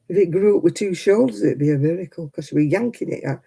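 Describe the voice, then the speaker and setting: An older woman talks casually as she hosts a crafting stream, going off on chatty, indignant rants. Her voice is husky and gravelly, with a very dark, mellow tone. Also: lowish voice, fast talker, low-quality recording. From United Kingdom. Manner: chatty, indignant ranting with many fillers. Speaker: craft livestream host. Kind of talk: casual chat while crafting.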